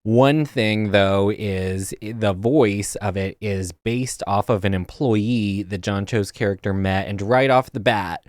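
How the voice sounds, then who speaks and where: A film reviewer recapping a movie in a casual, exasperated, animated way with many fillers. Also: low-pitched, slow, hardly any pauses, no echo.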